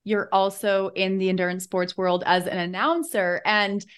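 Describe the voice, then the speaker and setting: Woman interviewer, mid pitch, measured and friendly. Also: clear, resonant tone. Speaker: podcast host. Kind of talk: interview questions.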